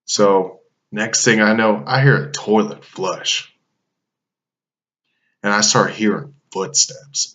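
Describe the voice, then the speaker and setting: A man's voice: on the low side, takes it slowly, long pauses, a bit bright. A man telling a casual anecdote, loose and full of swearing and fillers. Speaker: storyteller.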